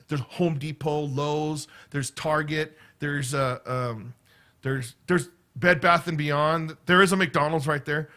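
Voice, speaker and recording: A man's voice: fairly high pitch, steady tone, slow pace, sharp tone. A middle-aged man rambling casually to his viewers, stringing stories together with constant "right?" and "okay?" asides. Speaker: vlogger. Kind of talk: casual rambling chat to camera.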